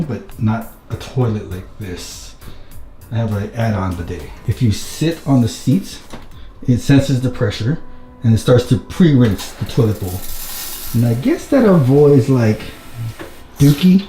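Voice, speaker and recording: A man giving a casual vlog tour of a rental house, keeping his voice hushed and low-key so he doesn't wake anyone. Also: expressive, moderate pace. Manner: hushed, low-key, trying to stay quiet. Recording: roomy indoor sound with background music.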